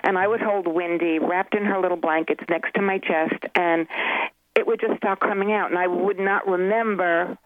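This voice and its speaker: A woman's voice: on the low side, fairly even intonation, moderate pace, no room sound. A woman calling in as a guest animal communicator on a radio interview, telling long earnest stories with many restarts. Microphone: telephone. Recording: tinny phone line.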